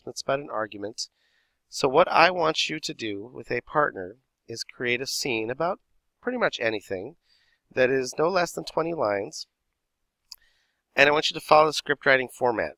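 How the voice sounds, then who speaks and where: A man's voice: medium pitch, bright, forceful tone, dry recording, rough recording. A man teaching a theatre class, explaining script format step by step and reading examples aloud. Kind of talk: recorded class lesson.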